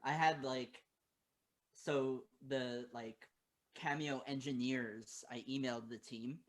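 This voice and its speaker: Young guy guest on a podcast, dry blunt jokes, kinda deadpan, on a call from home. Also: mid-range voice, slow pace. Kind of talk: casual comedic chat.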